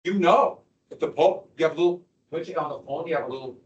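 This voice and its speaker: A man teaching a history lecture to a class, animated and quizzing students as he goes. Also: on the high side, fast, dull audio. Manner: animated, asks the class questions. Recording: echoey classroom from far off.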